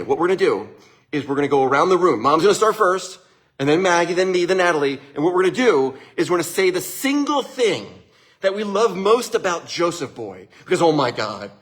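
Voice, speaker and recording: A middle-aged man talking casually to an audience, with a slightly higher-than-usual voice. He tells stories with lively energy and acts out the voices of family members along the way. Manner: animated storyteller, acts out family dialogue. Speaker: host. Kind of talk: casual motivational talk.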